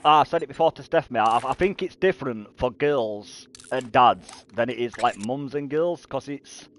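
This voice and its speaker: A man's voice: mid-range voice, moderate pace, fairly bright tone, a little hiss or hum. A man in his thirties telling stories on a game stream, stumbling over repeated words and swearing casually. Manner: rambling storyteller who stammers and repeats words; swears freely and laughs at his own stories. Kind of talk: casual chat while gaming.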